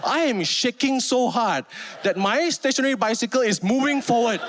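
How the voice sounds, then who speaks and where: A Malaysian man in his thirties doing a stand-up comedy set, animated and acting out the people in his stories. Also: moderate pace, background noise. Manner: animated, acts out characters with pitch jumps.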